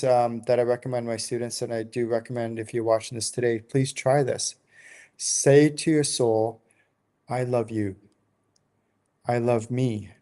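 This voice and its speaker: A man's voice: mid-range voice, warm tone. A middle-aged man with a mid-range voice talks straight to his viewers as a spiritual teacher. His delivery is loose and eager, with plenty of "like" fillers. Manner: informal and enthusiastic, many "like" fillers. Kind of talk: casual direct-to-camera talk.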